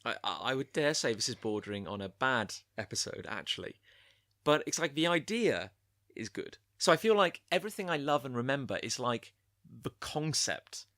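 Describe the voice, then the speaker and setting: A man co-hosting a casual anime review podcast, his pitch swooping up and down a great deal as he talks. He rambles and restarts his sentences while retelling scenes. The sound is close and dry, with no room echo. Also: moderate pace. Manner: rambling, self-correcting, animated recaps. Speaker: podcast co-host.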